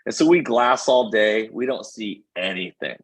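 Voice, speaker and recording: A man, a podcast guest, telling an animated hunting story and acting out the voices of the people in it. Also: lowish voice, moderate pace, breathy edge, poor audio.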